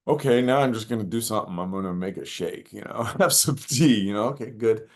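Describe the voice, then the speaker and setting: A man with a somewhat low voice talks as a podcast guest, earnest and reflective. He tells personal stories, leaning on "you know" and bursting into animated acted-out lines. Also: normal speed. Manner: animated, acts out shouted quotes, many "you know" fillers. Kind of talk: reflective storytelling in conversation.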